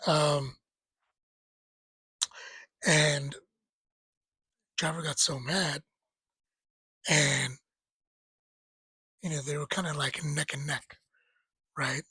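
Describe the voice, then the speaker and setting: Very slow, with long pauses, a husky and fairly high-pitched man in his thirties tells a rambling story about a friend who passed away. He laughs while retelling, sometimes grows tearful, and quotes the friend in lively voices. The recording is dry and the audio poor.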